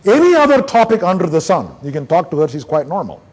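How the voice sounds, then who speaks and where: A male neurologist from India giving a conference lecture, an animated storyteller who acts out the back-and-forth between doctor and patient. His voice sits fairly high for a man and has a husky edge. His pitch rises and falls widely from line to line. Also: fast talker. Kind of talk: conference lecture with case anecdotes.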